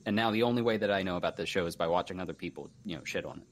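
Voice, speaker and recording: A man's voice: low voice, rapid-fire. A man co-hosting a casual podcast, speaking bluntly and emphatically with harsh criticism. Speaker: podcast co-host. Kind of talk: casual chat.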